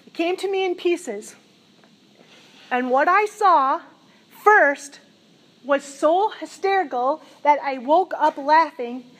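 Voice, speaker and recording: Middle-aged lady preaching, high voice, laughs a lot, really animated storytelling. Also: slow pace, long pauses. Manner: animated storytelling, laughing as she recounts a vision. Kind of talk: sermon.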